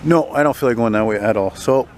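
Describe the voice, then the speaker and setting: A man's voice: medium pitch, fast, darkish tone, slight background noise. A tired, unwell man, ranting and rambling as he walks a city street, recording on a handheld phone. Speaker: vlogger. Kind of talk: walking vlog rant.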